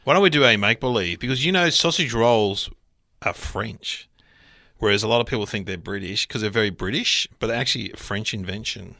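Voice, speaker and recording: A man co-hosting a podcast, telling stories in an animated, chatty way. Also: fairly low pitch, fairly quick, creaky, dry recording, clean studio sound. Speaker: podcast co-host. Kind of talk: casual chat.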